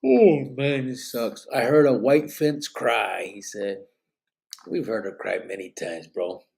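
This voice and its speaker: A man's voice: medium pitch, slow pace, vocal fry, a little mellow. A man hosting a live podcast, reading out chat comments in a loose, rambling way with bits of Spanish slang, sounding tired and yawning. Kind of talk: casual live-stream chat.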